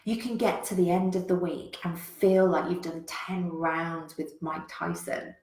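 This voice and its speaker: A woman business coach, giving a frank, animated motivational talk to a live chat and swearing freely. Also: on the low side. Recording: roomy echo.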